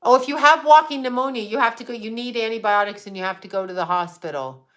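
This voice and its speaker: A woman's voice: fairly high pitch, fast, a bit bright. Blunt, swearing woman chatting to viewers. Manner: blunt, swears freely, talks back to viewers. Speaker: psychic livestream host. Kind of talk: casual livestream chat reading comments.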